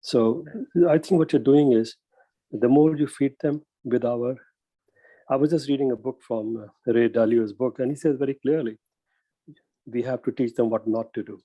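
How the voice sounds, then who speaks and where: A man's voice: medium pitch, fairly even intonation, moderate pace, mellow, dry recording, poor audio. A man with a New York accent giving modest, chuckling remarks as a guest on a video call. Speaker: guest banker.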